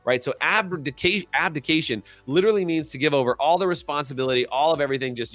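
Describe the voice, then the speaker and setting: A slightly high-voiced man speaks fast, barely pausing, as he co-hosts a business coaching podcast. Animated, he acts out quoted dialogue and encourages listeners to comment in the chat, over a dry recording with soft background music.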